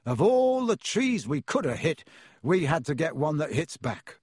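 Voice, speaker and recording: Ron: man reading as a young teen boy wizard, higher, husky, wry storybook voice. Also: very animated, measured pace, a little mellow, dry recording, clean studio sound, heavily acted. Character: young teenage boy wizard, glum and jokey.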